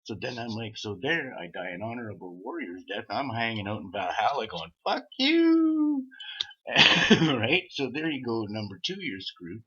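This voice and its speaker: A man's voice: fairly low pitch, expressive, fairly quick, hardly any pauses, fairly bright tone, husky. A man telling a rambling, profane story, swearing often and laughing at himself. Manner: swearing, laughing at own stories. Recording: dull lo-fi audio.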